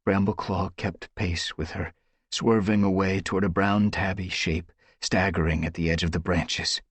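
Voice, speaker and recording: A man with a husky voice reading an audiobook with dramatic, tense storytelling. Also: deep voice, fairly even intonation, normal speed, dry recording. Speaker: audiobook narrator. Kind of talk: dramatic scripted narration.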